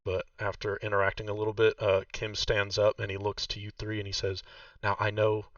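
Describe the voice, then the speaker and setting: A man's voice: fairly low pitch, a little fast, no echo, far from the mic, lo-fi sound. A man narrating a tabletop game as game master, hesitant and full of fillers. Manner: hesitant, many fillers, relaxed.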